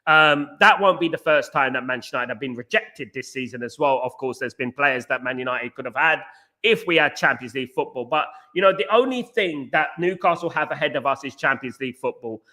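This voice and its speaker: A man's voice: medium pitch, fairly quick, sharp tone. A man hosting a casual football fan live stream, passionate and repetitive, often speaking straight to his viewers. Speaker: podcast host.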